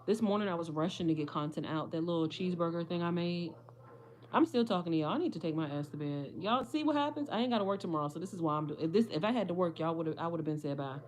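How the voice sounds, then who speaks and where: A young woman talks casually to her livestream audience, rambling and friendly with lots of y'all. Her voice sits a little low and is slightly hoarse. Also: quick pace, a little hiss or hum. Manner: chatty, addresses viewers as y'all. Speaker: livestream host.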